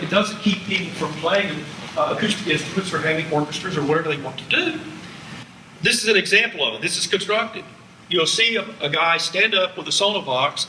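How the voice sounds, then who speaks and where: A man's voice: sits high, bright, forceful tone, a little hiss or hum. A man giving a public lecture to an audience, chatty and wry, with asides thrown to the listeners. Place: museum lecture room. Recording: roomy hall sound.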